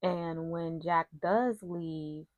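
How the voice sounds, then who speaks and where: A woman's voice: on the low side, extremely slow, darkish tone, no echo, highs cut off. A woman casually recapping a TV soap episode, retelling scenes with quoted lines and personal asides.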